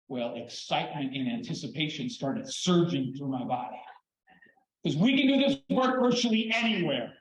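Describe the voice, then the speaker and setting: An older man giving an animated storytelling talk at a conference, expressive and prone to repeating words when excited. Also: fairly high pitch, a little fast. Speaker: conference speaker. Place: conference hall. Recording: echoey, dull hall recording.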